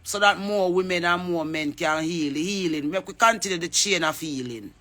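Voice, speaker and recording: A woman's voice: on the low side, moderate pace, fairly bright tone. A woman from Jamaica with a Jamaican accent, a singer making a fervent, preachy appeal on social media and calling people out by name. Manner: fervent, preachy, calls out names.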